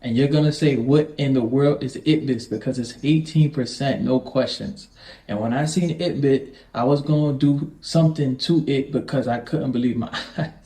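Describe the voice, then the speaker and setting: A man's voice: mid-range voice, normal speed, mellow. A man from New York City giving emphatic, earnest travel tips. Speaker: travel video host. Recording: echoey room.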